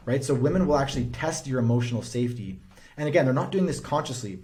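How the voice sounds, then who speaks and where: A man's voice: medium pitch, animated, fast talker, warm tone. A man speaking as a relationship coach, giving earnest, emphatic advice straight to camera. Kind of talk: direct-to-camera advice talk.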